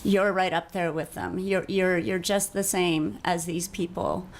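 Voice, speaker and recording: A woman city councillor giving an earnest speech at a council meeting, halting often with fillers. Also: fairly low pitch, steady tone, creaky, slight background noise.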